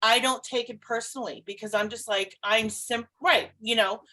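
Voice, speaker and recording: Woman, psychic and podcast co-host; casual chat, animated, laughs a lot, salty language. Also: on the high side, normal speed, poor audio. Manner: animated and expressive, laughs often, swears casually.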